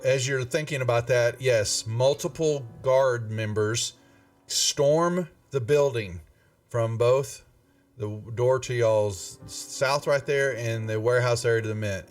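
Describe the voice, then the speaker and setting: Guy running a tabletop game, stop-start with lots of ums, kinda far from the mic, faint music. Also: medium pitch. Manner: halting, many fillers and restarts. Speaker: game master.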